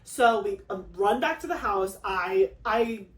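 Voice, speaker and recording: A young woman hosting a casual vlog, telling a story in an excitable, rambling way with lots of fillers and acted-out quotes. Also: mid-range voice, a little slow. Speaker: craft channel host. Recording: echoey room.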